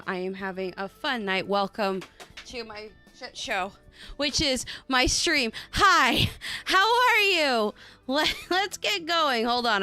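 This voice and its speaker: A woman with a bright, forward voice hosts a tarot livestream in casual chat. She is bubbly and loose-tongued, with casual swearing throughout. Faint music plays behind her. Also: medium pitch, vocal fry, clear, resonant tone. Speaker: tarot reader and livestream host.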